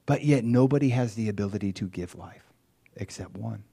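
A man preaching a sermon in an animated way, acting out quoted voices as he retells stories. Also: on the low side, normal speed, gravelly, slightly rough. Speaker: pastor.

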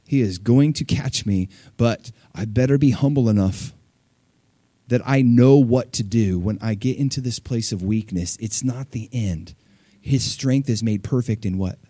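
Preaching man swinging from loud to hushed. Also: medium pitch, breathy edge, no echo. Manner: conversational, with fillers and light laughs. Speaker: pastor. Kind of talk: sermon.

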